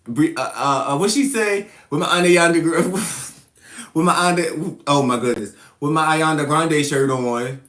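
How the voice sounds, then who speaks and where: A man's voice: on the high side, normal speed, a bit bright. Playful laughing man on a livestream. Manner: laughs often and teases commenters playfully. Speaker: livestream host. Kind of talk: casual livestream chat answering viewer comments.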